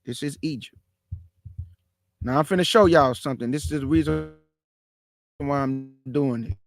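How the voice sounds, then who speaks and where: A man's voice: mid-range voice, normal speed. A man hosting a casual Bible teaching, speaking emphatically, repeating his key points and calling his listeners family as he walks through a map on his screen. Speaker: Bible teacher, show host.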